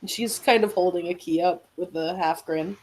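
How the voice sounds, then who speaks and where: A woman playing a tabletop game, describing what her character does in a halting, hesitant way. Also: on the low side, a little mellow, husky, poor audio. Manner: hesitant, halting, laughs often.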